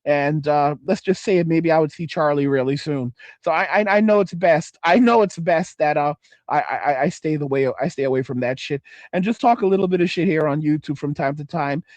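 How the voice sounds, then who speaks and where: On a dry recording, a man in his forties with a slightly high, darkish voice hosts a casual livestream at a brisk pace. Reading out viewer comments, he meanders, swears heavily, and often breaks off to restart.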